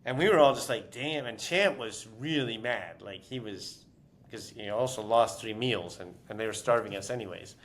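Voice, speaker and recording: A man's voice: on the low side, normal speed, fairly bright tone. A man being interviewed as an author, telling stories casually with many fillers and restarts.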